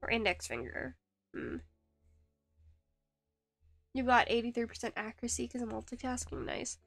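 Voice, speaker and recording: High-voiced woman rambling while carving. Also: normal speed, vocal fry, fairly bright tone, no room sound, faint music behind. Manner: rambling, self-deprecating, hesitant with many fillers. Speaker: streamer. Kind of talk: casual live-stream chat while woodcarving.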